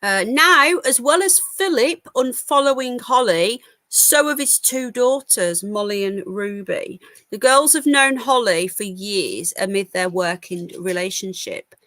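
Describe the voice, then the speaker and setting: Tired uk woman doing a home news livestream, bright voice, dry close sound, opinionated and chatty. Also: mid-range voice, lively intonation, unhurried, dry recording. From United Kingdom. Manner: chatty, opinionated, reacting to chat comments. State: tired, yawning. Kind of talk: casual live-stream commentary.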